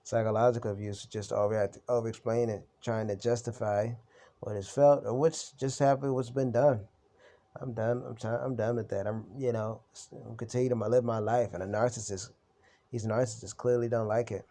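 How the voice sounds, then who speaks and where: A man's voice: lowish voice, steady tone, moderate pace, dark tone. A young man venting in an unscripted vlog, telling a heated story full of blunt slang and swearing. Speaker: vlogger on recovery from narcissistic abuse. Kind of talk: unscripted personal venting to camera.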